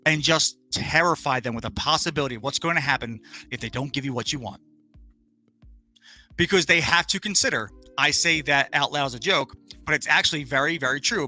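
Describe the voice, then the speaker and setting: A man's voice: fairly high pitch, bright, forceful tone. A man co-hosting a casual talk show, swearing often and reading articles aloud with sarcastic jabs. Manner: profane, sarcastic, reads articles aloud mockingly. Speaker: podcast co-host.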